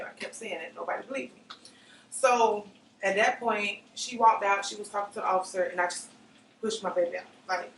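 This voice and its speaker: A young woman speaks her testimony with raw feeling, jumping into other people's voices as she retells what happened. Her pitch sits mid-range. The mic catches her from a little distance in an echoey room. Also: brisk, a bit bright. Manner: emotional, vivid, often acts out what others said. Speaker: interviewee. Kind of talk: personal testimony. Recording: roomy, slightly distant mic with faint noise.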